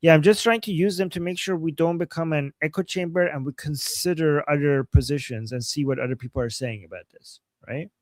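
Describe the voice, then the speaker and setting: A man hosts a political livestream in a loose, chatty way, stopping to restart sentences and read out viewer comments. His voice sits somewhat high for a man. The mic is close and dry, with no room sound. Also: a little fast, hardly any pauses, no room sound. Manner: chatty, reads super chats, many fillers and restarts. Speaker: livestream co-host.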